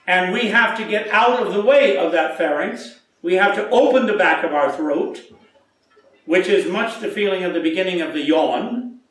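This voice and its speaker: Animated man coaching in an echoey hall. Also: high-pitched, normal speed. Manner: animated, sings short demonstrations. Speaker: voice teacher. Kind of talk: masterclass coaching. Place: recital hall. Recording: echoey hall, distant mic.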